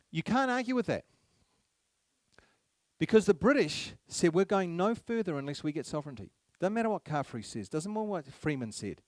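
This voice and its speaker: A man's voice: on the high side, darkish tone, no echo. A man giving a public speech to a live audience, emphatic, repeating key phrases and firing rhetorical questions at the crowd. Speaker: speaker at a public meeting.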